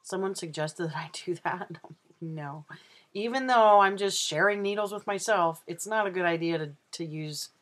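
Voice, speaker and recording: A man's voice: sits high, fairly bright tone. A trans man talking casually in a personal video diary, rambling and candid with plenty of ums and uhs. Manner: rambling and unhurried, with many ums. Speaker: vlogger.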